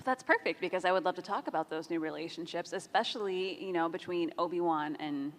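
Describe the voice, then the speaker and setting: A woman moderating a live fan-convention panel, chatty and upbeat with quick jokes. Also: on the low side, a little hiss or hum. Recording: reverberant convention hall, crowd ambience.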